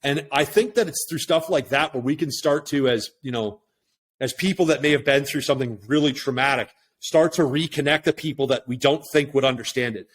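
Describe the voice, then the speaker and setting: A man's voice: mid-range voice, brisk, a little hiss or hum. Reflective man tagging points with "right?". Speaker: guest. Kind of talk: casual conversation.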